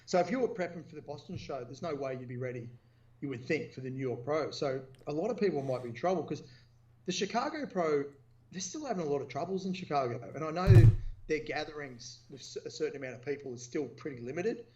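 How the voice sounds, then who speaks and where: Male co-host, easygoing, higher voice, muffled remote sound. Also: animated, fast talker, warm tone, slight background noise. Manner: easygoing, talks through details. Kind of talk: casual chat.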